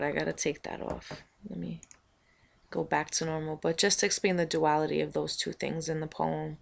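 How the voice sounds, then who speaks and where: A woman from Montana talks straight to camera in a loose, rambling vlog. She muses aloud, playful and a little kooky, with a lowish voice. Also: little pitch movement, moderate pace, creaky. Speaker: vlogger.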